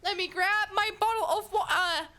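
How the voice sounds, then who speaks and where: A woman's voice: extremely high pitch, steady tone, moderate pace, sharp tone, slight background noise. A young woman from Germany with a German accent, chatting casually with her stream viewers, giggling and rambling with lots of fillers. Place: home streaming setup.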